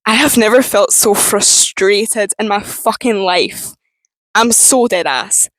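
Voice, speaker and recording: A young woman speaks to camera in a frank personal talk, cursing freely and breaking off mid-thought. Her voice sounds strained and tense, and it sits at an ordinary middle pitch. The sound is dry and close. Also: fairly bright tone, dry recording, low-quality recording. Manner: frank, swears freely, halting restarts. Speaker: vlogger.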